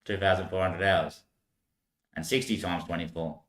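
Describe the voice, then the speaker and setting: A man rambling through a loose, laughing monologue with casual swearing. His voice is bright and carries a roomy echo. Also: deep voice, steady tone, moderate pace.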